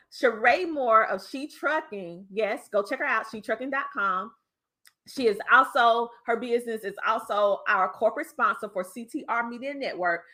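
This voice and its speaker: A woman with a Southern twang hosting her podcast, giving an animated motivational talk with folksy slang to her live viewers. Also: a little high. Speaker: podcast host.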